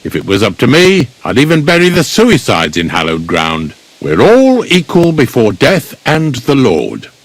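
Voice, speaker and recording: An actor playing a blunt, grumbling village gravedigger in a video game, speaking. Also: male voice, medium pitch, huge pitch swings, measured pace, hardly any pauses, no room sound, heavily acted. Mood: gruff.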